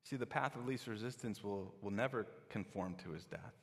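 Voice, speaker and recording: Lowish-voiced male preacher in a reverberant hall. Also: brisk, gravelly. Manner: conversational, acts out quoted listeners. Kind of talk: sermon.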